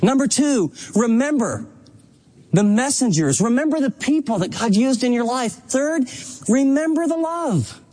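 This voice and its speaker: A man preaching with a notably high-pitched voice, emphatic and impassioned. His delivery rises and presses as he urges his listeners on. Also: big pitch swings, unhurried, darkish tone. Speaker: pastor. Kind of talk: sermon.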